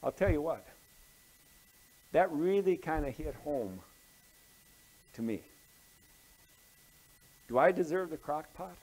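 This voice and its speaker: A pastor preaching an evening sermon, his voice sitting on the high side for a man. He tells his story in waves, building to loud, emphatic peaks and then dropping to soft, low asides. He repeats key phrases to drive them home. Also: expressive, slow pace, pauses often, rough recording.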